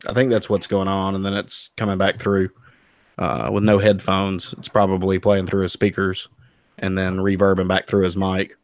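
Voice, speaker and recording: A man calmly explaining a technical glitch as a guest on a group call. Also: deep voice, normal speed, no echo. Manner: calm, explaining. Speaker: stream guest. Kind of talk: casual group video-call chat. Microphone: computer mic on a video call.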